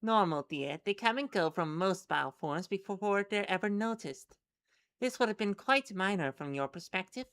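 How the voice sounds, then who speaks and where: A calm, clinical doctor speaks in a brisk, measured, reassuring way, voiced by a woman reading a webcomic. The voice is bright and crisp. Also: mid-range voice.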